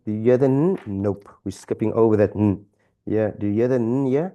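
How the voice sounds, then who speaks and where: A man's voice: medium pitch, normal speed, dark tone, highs cut off. A man teaching a beginners' Arabic reading lesson, patient and repetitive, checking in with "okay?" and often stumbling and restarting phrases. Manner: patient, repeats examples, frequent "okay?" checks. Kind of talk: relaxed classroom-style lesson.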